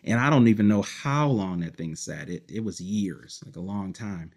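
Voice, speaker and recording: Low-voiced man telling his story. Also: normal speed, a little mellow. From Detroit, United States. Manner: reflective, rambling with many fillers, laughs between stories. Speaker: musician guest. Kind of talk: casual storytelling interview.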